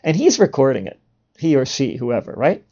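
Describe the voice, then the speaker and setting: A man's voice: mid-range voice, very animated, moderate pace, warm tone, dull audio. A man hosting a podcast, delivering a provocative monologue in a sarcastic, mock-indignant way and chuckling at his own jokes. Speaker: podcast host.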